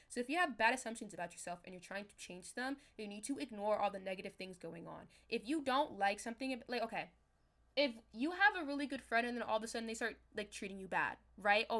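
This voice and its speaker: A young woman chatting casually on a livestream as a manifestation coach, talking straight to her viewers in a loose, animated way. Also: mid-range voice, fast. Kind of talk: casual livestream talk to chat.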